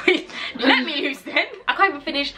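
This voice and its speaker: A woman's voice: sits high, a little fast, a crowd in the background. Dramatic young woman joking. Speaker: challenge participant. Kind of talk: casual chat.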